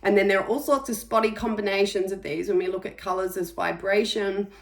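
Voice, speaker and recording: Gentle reflective woman giving a spiritual reading. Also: mid-range voice, steady tone. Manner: gentle, reflective, with soft pauses. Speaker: intuitive energy reader. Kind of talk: spiritual monthly reading, casual monologue.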